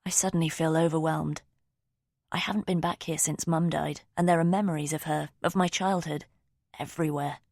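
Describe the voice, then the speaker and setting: Low-pitched lady reading a novel, close and calm, dead dry sound. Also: fairly quick, creaky, no room sound. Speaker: audiobook narrator. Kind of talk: first-person novel narration.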